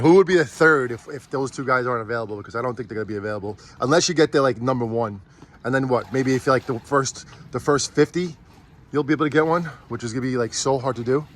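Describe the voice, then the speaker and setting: A man vlogging as a father while unboxing a prop with his kids, chatty and teasing, easily excited. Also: mid-range voice. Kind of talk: casual chat.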